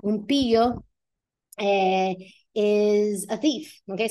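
A woman hosting a casual vocabulary lesson in a chatty way, often slowing down to repeat words and model their pronunciation. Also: fairly low pitch, fairly even intonation, warm tone. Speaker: language teacher and podcast host. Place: Puerto Rico.

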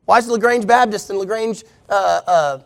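A man's voice: high-pitched, normal speed, creaky. A pastor preaching a sermon to his church, emphatic and full of rhetorical questions.

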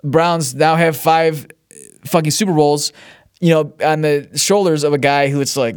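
A man's voice: fairly high pitch, takes it slowly, pauses often, smooth, no room sound, clean studio sound. A man hosting a podcast alone, rambling casually, swearing and restarting his sentences, often chuckling between thoughts. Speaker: podcast host. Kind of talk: casual solo monologue.

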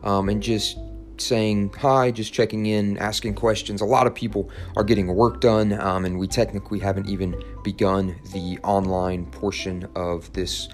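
Deep-voiced man teacher reading aloud. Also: soft background music. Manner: steady storytelling read, then halting chat with restarts. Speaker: teacher and podcast host. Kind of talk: reading a children's novel aloud, then casual chat.

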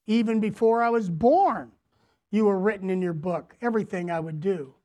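A man preaching a sermon as pastor to his congregation, deliberate, repeating phrases and asking them questions. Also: high-pitched, darkish tone. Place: church, before a congregation.

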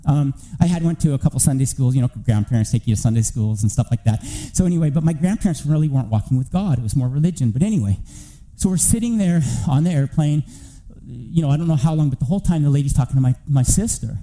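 A man preaching a church sermon, telling a family testimony as an animated story that climbs toward near-shouting. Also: mid-range voice, quick pace, poor audio.

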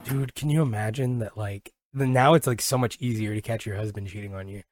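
A man co-hosting a podcast in casual chat, talking with lots of "like" and restarts, and loudly yelling when he does impressions. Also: lowish voice, brisk, no echo. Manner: animated, swings into loud yelling impressions. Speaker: podcast co-host.

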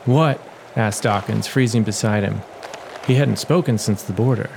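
A man giving a measured, dramatic reading as the narrator of his own audio adventure story, in a noisy home recording. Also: on the low side, fairly even intonation, vocal fry, a crowd in the background. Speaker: storyteller and writer.

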